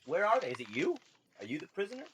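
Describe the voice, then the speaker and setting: A man's voice: high-pitched, big pitch swings, quick pace, over music. A man narrating as game master of a tabletop game, joking and laughing with the players. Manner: jokey, laughs a lot.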